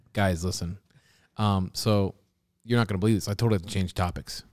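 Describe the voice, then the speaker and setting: A man co-hosting a podcast, telling stories in an animated, jokey way. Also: low voice, normal speed. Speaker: podcast co-host. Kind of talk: casual chat.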